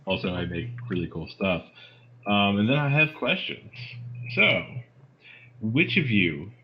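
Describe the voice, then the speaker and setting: A man's voice: fairly low pitch, lively intonation, a little slow, muffled recording. A man playing a tabletop game in casual chat, laughing often and asking the group questions.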